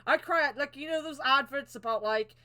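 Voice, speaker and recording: A woman's voice: high-pitched, a crowd in the background. A young woman co-hosting a podcast, chatting casually, swearing freely and getting emotional. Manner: swears a lot, emotional and quick to cry. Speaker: podcast co-host. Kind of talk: casual chat.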